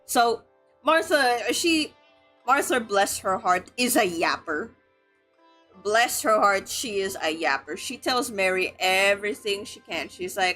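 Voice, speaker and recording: A woman's voice: mid-range voice, lively intonation, unhurried, pushed and bright, soft background music. A young woman from the Philippines hosting a book club, chatting casually and rambling with lots of filler words and giggles. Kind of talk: casual livestream chat.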